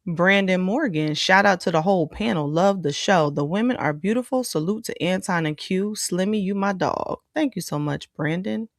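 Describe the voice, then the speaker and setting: A woman's voice: lowish voice, moderate pace, few pauses, no echo. Woman co-host, reads chat messages aloud and answers them, dry close sound. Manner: reads viewer super chats aloud and responds chattily. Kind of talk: casual podcast chat, reading viewer comments.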